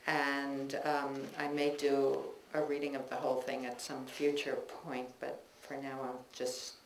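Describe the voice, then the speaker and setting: A woman reading her own personal essays aloud to an audience in a bookstore, measured and reflective, with chatty asides between pieces. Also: very deep voice, monotone, a little hiss or hum. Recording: echoey room recording with faint ambience.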